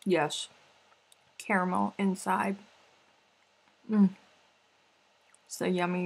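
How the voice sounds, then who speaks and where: A woman's voice: lowish voice, steady tone, unhurried, slightly rough. A woman hosting a live crafting stream, reading out viewer comments in a playful, chatty way. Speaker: crochet livestream host. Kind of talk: casual live-stream chat.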